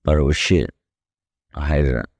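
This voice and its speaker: A young Australian man with a very deep, low-pitched voice and a dark, mellow tone. He tells his story as a podcast guest in plain, blunt language, swearing freely and leaning on "you know" after most phrases. The recording is dry and close, with no room sound. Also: steady tone, moderate pace, no room sound. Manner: blunt and profane, leans heavily on "you know". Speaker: podcast guest, professional boxer. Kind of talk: candid conversational storytelling.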